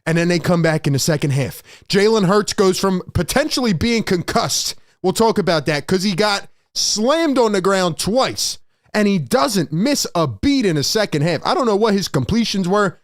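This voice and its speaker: Excitable high-voiced man ranting about football. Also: moderate pace, no room sound, clean studio sound. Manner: animated, shouting bursts, acts out players' voices. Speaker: sports show host. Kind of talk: excited postgame sports rant.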